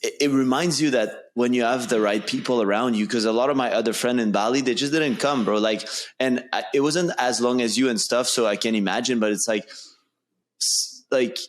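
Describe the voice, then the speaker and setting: A man hosting a podcast, talking in a relaxed, informal way and dropping "bro" into his sentences. His voice sits at an ordinary middle pitch. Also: a little fast. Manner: warm, informal, says "bro". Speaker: podcast host. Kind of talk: casual conversation.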